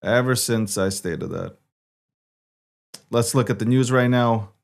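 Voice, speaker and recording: A man from New York City hosting a show, giving opinionated political commentary with emphatic repetition and swings between loud and soft. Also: mid-range voice, measured pace, creaky. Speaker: show host.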